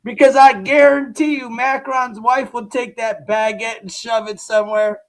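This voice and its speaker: A man hosting a live-stream reaction, mocking what he watches with loud outbursts and laughs. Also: very high-pitched, steady tone, normal speed.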